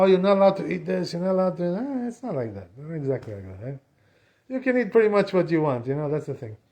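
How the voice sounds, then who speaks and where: A man teaching as a rabbi in a synagogue, in a casual, chatty way, filling his talk with "you know". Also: on the high side. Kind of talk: casual spoken class.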